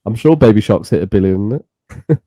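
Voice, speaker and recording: A man's voice: on the low side, animated, a little fast, mellow, dry recording, studio quality. A man co-hosting a casual music review chat, opinionated and swearing freely. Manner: opinionated, swears, trails off and restarts. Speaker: podcast co-host.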